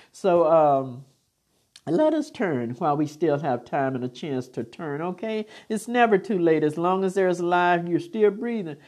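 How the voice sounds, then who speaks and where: A woman's voice: fairly low pitch, dark tone. Fervent older woman giving blessings. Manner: preachy, repetitive, fervent with blessings. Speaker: spiritual encourager. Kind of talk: inspirational spoken message.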